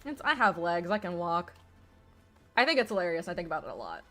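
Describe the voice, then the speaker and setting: A woman's voice: lowish voice, wildly swooping pitch, fairly quick, bright, forceful tone, soft background music. A young woman streaming a video game from home, rambling in casual, self-deprecating commentary full of swearing and laughter. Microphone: streaming mic with webcam.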